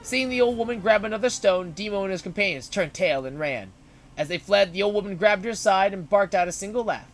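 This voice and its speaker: A man's voice: high-pitched, expressive, a little fast. A man streaming, reading a story aloud dramatically and breaking in with joking asides.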